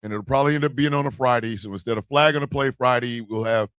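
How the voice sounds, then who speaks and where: A man hosting a casual morning show, loud and profane, often shouting and laughing as he talks. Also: mid-range voice, quick pace, clear, resonant tone, no echo, clean studio sound. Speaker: host of a morning stream show.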